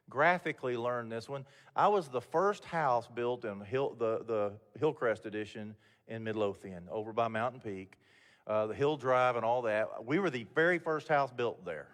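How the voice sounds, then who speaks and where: An older man gives a motivational talk to a room of mentors. He talks in a candid, homespun way and often restarts his sentences. His voice carries a long reverb from the event hall. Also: mid-range voice. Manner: folksy, candid storytelling with frequent restarts. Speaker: guest speaker.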